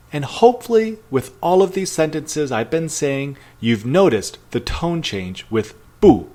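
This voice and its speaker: A man teaching a recorded pre-class lesson, modelling each phrase slowly and repeating it for learners. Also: a little high, very animated, warm tone. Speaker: language teacher. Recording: roomy echo.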